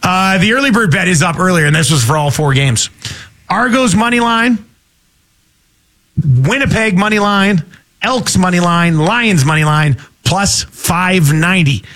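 A man hosting a sports radio show, talking energetically and moving quickly into sponsor reads. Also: high-pitched, fairly bright tone. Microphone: studio microphone.

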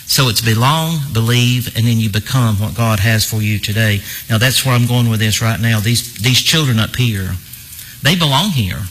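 A man's voice: medium pitch, fairly bright tone, husky, low-quality recording. A man preaching a sermon, emphatic and fond of repeating phrases for effect. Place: church.

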